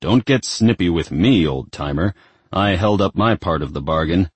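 Man doing a smug growly devil, super deep, husky. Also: expressive, moderate pace, dry recording. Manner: menacing, smug. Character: the devil, menacing, smug male demon king.

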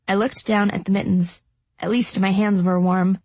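A woman narrating a first-person audiobook in a steady, even storytelling voice. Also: mid-range voice, normal speed, dry recording.

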